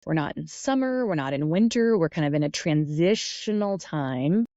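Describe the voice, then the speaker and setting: A woman hosting a podcast, musing softly and meandering through a reflective guided talk, with fillers and self-corrections. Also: deep voice, expressive, normal speed, dry recording, dull audio. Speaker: podcast host.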